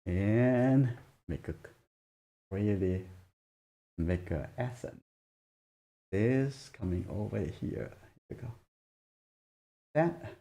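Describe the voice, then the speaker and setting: Soft-spoken gravelly drawing teacher. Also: male voice, lowish voice, lively intonation. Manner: soft-spoken, halting, murmurs while drawing. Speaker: drawing instructor. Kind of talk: live drawing demonstration.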